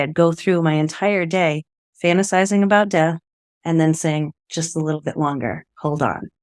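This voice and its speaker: A woman's voice: low-pitched, clean tone, dry recording, studio quality. A woman guest telling a personal story in earnest, often laughing and acting out what people said. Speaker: interview guest.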